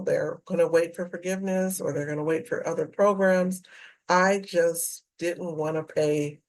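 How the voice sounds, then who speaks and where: A personal finance vlogger talks casually to camera about paying off debt, reading figures out carefully. She is slow, deliberate, and earnest, with a low, slightly mellow voice in a low-quality recording.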